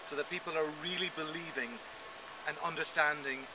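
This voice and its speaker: A man who works as a voice coach, explaining his craft in an animated, demonstrative way during an interview recorded outdoors. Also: a little high. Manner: animated, demonstrative, quick delivery. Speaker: voice coach guest. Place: outdoors in an urban area. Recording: outdoor street noise with passing traffic.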